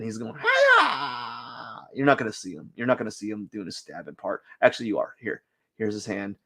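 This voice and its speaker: A man's voice: on the low side, fairly bright tone. Rambling, joking man drawing on a live stream. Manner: rambling, joking, puts on silly voices for figures. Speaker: artist streaming a drawing session. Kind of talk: casual live-stream chatter while drawing.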